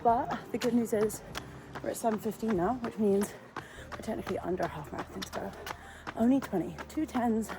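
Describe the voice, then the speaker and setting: A woman's voice: medium pitch, fairly quick. A young woman vlogging while on a long run, chatty and out of breath, often tired and talking herself through it. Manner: chatty, self-talk while running, often breathless and weary. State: out of breath, exhausted. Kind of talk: running vlog, talking to camera. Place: outdoors, on a run. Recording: noisy outdoor ambience.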